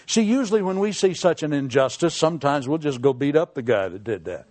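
A man preaches a folksy, humorous sermon, his voice sitting a little high. He swings up and down with lively pitch and drops quiet for serious points. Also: fairly quick. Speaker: pastor.

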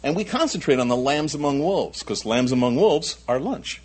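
A male pastor delivers a sermon with a husky edge to his voice. His pitch rises and falls in a lively way as he presses his points. He often doubles back on his words and drops in quick asides. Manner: emphatic preaching, with frequent repeats and asides.

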